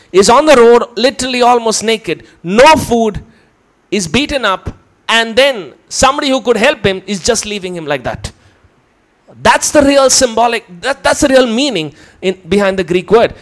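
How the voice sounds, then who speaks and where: A man's voice: very high-pitched, lively intonation, moderate pace. A man preaching a teaching sermon, explaining step by step and putting questions to his listeners.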